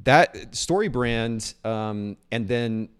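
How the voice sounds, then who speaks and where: A man's voice: medium pitch, animated, clear, resonant tone. A man hosting a podcast, chatting enthusiastically and often restarting his sentences. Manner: fast, enthusiastic, repeats words and restarts. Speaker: podcast host. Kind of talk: casual interview chat.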